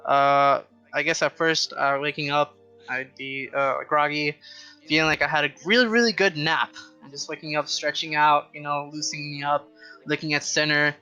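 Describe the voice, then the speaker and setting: A man's voice: fairly high pitch, steady tone, moderate pace, bright, forceful tone, clear, resonant tone, soft background music. A man playing a tabletop game, rambling with many likes and you-knows. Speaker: player. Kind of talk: casual tabletop play.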